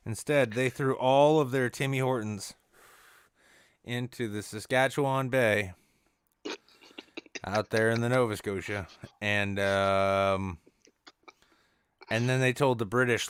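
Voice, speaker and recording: A man's voice: mid-range voice, steady tone, slow, pauses often, smooth, dry recording. A man doing an improvised comedy bit, rambling in a mock-serious tone with lots of restarts. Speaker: podcast co-host.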